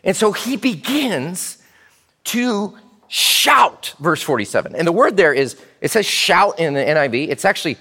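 A man preaching a sermon in church as pastor, animated and speaking directly to the children. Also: a little high, a little fast, few pauses, long reverb tail.

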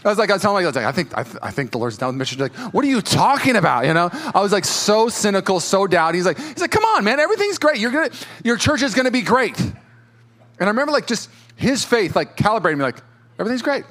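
A man in his thirties preaches to his church, slipping into loose, chatty storytelling full of filler words. His voice sits a little higher than most men's. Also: expressive, fast talker, a bit bright. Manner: casual storytelling with many fillers. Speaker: pastor. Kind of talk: sermon. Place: church auditorium.

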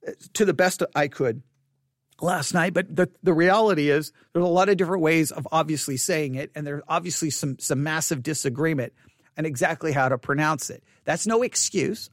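A man's voice: on the high side, dry recording, clean studio sound. A man preaching as a pastor, speaking candidly and self-deprecatingly, often repeating phrases for emphasis. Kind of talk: sermon podcast.

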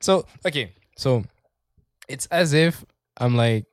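Man, casual co-host, middle pitch, rambling and profane, dry close sound. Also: lively intonation, slow pace, dry recording. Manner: rambling, swears often, laughs mid-sentence. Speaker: podcast co-host. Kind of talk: casual chat.

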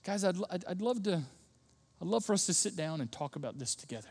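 Gentle fatherly God, as a preacher puts him on. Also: high-pitched, very animated, fast, vocal fry, slightly rough, full character voice. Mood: gentle, coaxing. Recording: long reverb of a large hall.

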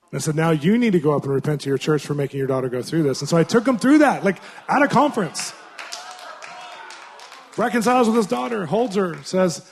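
Speaking a little fast in a high-ish voice with a breathy edge, a man delivers a storytelling sermon at a conference. He's conversational and uses fillers, imitates the people he quotes, and breaks into loud bursts at times.

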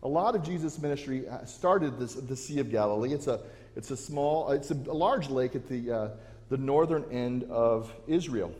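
A pastor delivers a sermon in the church sanctuary, speaking earnestly at a normal speed in a warm, mellow voice of ordinary pitch. He frequently restarts his phrases, and the hall's long reverb lingers after every line.

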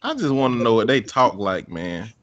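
A man's voice: mid-range voice, very animated, normal speed, fairly bright tone, muffled recording. A man in a casual chat who jokes, swears freely and laughs often. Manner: profane, jokey, laughs often.

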